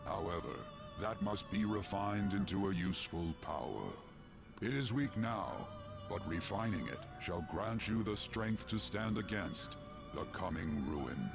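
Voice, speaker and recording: An actor playing an old, long-nosed male keeper of a mystic room, speaking slowly and formally in a deep, gravelly voice. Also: animated, heavily acted. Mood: solemn. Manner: slow, formal and ominous. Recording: game audio with music behind.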